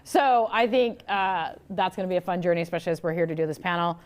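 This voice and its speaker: An older woman, a panelist on a conference stage, with a loud, outgoing and brisk way of talking. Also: fairly low pitch, little pitch movement. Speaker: panelist, IT executive. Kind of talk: panel discussion.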